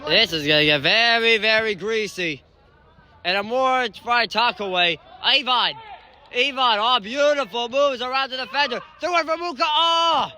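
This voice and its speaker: Excitable high-pitched man calling indoor soccer. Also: moderate pace. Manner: excitable, frequent shouted calls and exclamations. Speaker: amateur match commentator. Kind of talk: live play-by-play commentary.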